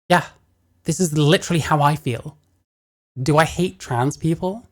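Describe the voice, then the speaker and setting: A woman's voice: sits low, measured pace. A woman reacting to a video, blunt and sarcastic, often swearing. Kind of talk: casual reaction commentary.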